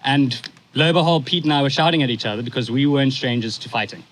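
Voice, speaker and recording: A young man in his twenties giving a eulogy for his stepfather, telling a story in a casual, halting way and pausing at times to compose himself. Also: medium pitch, steady tone, a bit bright, low-quality recording.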